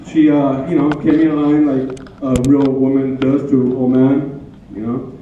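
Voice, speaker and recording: A man's voice: mid-range voice, little pitch movement, measured pace, slight background noise. A man giving a rambling, heartfelt tribute to his late wife, full of anecdotes and repeated phrases. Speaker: widower giving a tribute speech. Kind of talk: personal storytelling speech. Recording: echoey hall, tinny and from far off.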